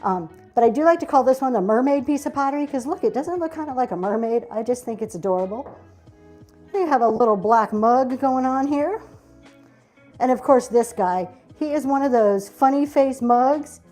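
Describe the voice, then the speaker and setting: A woman's voice: high-pitched, lively intonation, normal speed, dark tone, faint music behind. A woman hosting a live online auction show, chatting casually and gushing over each vintage item as she shows it, with "um" and "y'all" along the way. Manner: says "y'all" and "um" often. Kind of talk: casual live-stream sales pitch.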